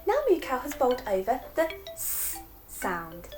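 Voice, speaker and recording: High, bouncy teacher woman. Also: sing-song, a little slow, music in the background. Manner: cheerful, encouraging, laughs often. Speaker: phonics teacher and host. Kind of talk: children's phonics lesson.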